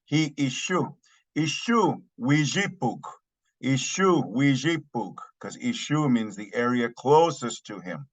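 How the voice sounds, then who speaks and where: Male language teacher, unhurried, mid-pitched voice, repeats every phrase twice for the class. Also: expressive, poor audio. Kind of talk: slow language lesson.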